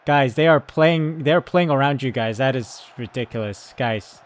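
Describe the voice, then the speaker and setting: A man giving excited live commentary on his football management game, yelling at his players, then calmly talking through tactics. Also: medium pitch, normal speed, slight background noise. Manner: excitable, shouts at the team, then calm tactical talk. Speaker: gaming YouTuber.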